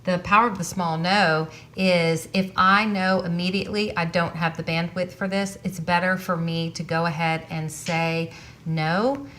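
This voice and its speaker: A middle-aged woman with a lowish voice hosting a relaxed faith conversation. She asks questions and responds in an affirming, easygoing way. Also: unhurried, slight background noise. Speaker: author and host. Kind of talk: casual conversation.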